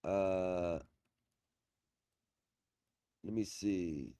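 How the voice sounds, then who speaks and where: Hosting a livestream on pro se legal help, this man speaks very slowly in a low-pitched, warm voice through a streaming setup mic. The mood is casual and he talks with confidence, though he repeats things and trails off as he works the screen.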